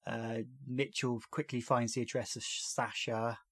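A man's voice: mid-range voice, level tone, measured pace, no echo. A man hosting a casual podcast, chatting about a TV series episode and retelling scenes with frequent laughs. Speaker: podcast host.

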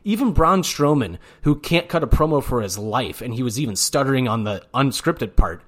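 A man co-hosting a podcast in casual chat, rambling from point to point with an excitable, profane manner. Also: mid-range voice, moderate pace. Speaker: podcast co-host. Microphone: studio mic.

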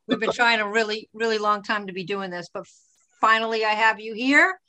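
A woman's voice: mid-range voice, brisk, bright, forceful tone, slight background noise. A woman in her fifties from Boston hosts a podcast in an upbeat, chatty way. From Boston, USA. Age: 50s. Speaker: podcast host. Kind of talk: podcast intro and interview.

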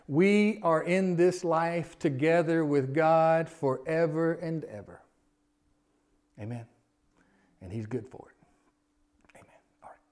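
A man preaching a sermon, earnest, often repeating his words and swinging from loud emphasis to a hushed voice. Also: mid-range voice. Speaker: pastor.

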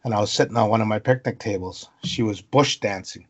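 A man from Canada, a guest on a podcast, telling stories about the wilderness in an animated way, piling up long lists of things. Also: fairly low pitch, fairly quick, slightly rough, lo-fi sound. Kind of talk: storytelling interview.

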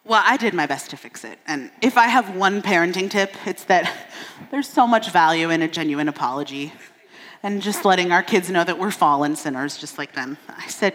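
A woman in her thirties delivers a sermon into a stage microphone, her bright, clear voice carrying a long church-hall reverb. She mixes humor with candid, self-deprecating stories about her children. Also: fairly low pitch, lively intonation, moderate pace. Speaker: preacher.

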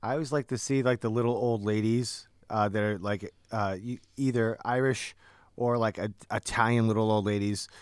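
A man's voice: fairly low pitch, fairly even intonation, moderate pace, clear, resonant tone, dry recording. A man co-hosting a podcast, chiming in with wry, offhand remarks. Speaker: podcast co-host. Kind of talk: casual movie review chat.

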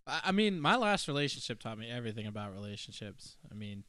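Earnest man talking in halting restarts. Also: medium pitch, sing-song, bright, forceful tone, no echo. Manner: earnest, halting, restarts often, says "you know" and "I mean". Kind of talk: casual chat.

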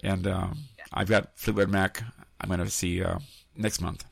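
A man's voice: low-pitched, flat delivery, unhurried, gravelly, fairly bright tone, no room sound. An older American man hosting a casual interview, rambling and enthusiastic. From United States. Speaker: host.

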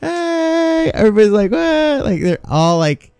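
A man's voice: mid-range voice, animated, normal speed, mellow, dry recording. A man co-hosting a podcast, telling a rambling, profane work story in casual chat. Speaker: podcast co-host.

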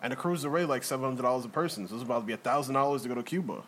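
A man's voice: medium pitch, rapid-fire, a bit bright, a little hiss or hum. A man co-hosting a podcast in casual chat, joking and swearing freely. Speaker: podcast co-host. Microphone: podcast mic.

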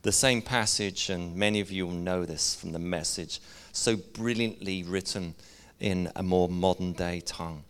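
A man's voice: low voice, moderate pace, a bit bright, smooth. A middle-aged man, preaching a sermon in an earnest, conversational way and sharing personal stories. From Northern Ireland. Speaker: pastor.

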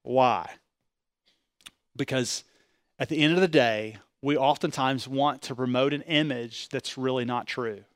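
A pastor preaching a sermon with animated delivery, asking the congregation rhetorical questions and pushing his voice up loud. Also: mid-range voice, measured pace, no room sound, studio quality.

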